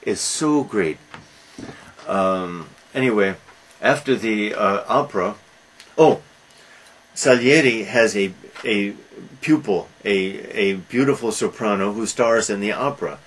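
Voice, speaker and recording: A man lecturing about a film, talking haltingly with frequent restarts and fillers. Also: fairly low pitch, a bit bright, a little hiss or hum, rough recording.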